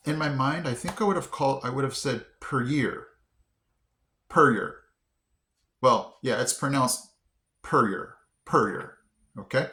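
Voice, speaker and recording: A man chatting casually to his viewers, sounding out words haltingly with lots of fillers. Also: medium pitch, a bit bright, echoey room. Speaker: vlogger. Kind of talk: casual chat to camera.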